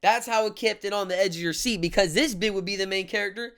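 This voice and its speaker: A man's voice: sits high, quick pace, hardly any pauses, a bit bright, a little hiss or hum. Laid-back, slangy male reaction host. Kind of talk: casual reaction commentary.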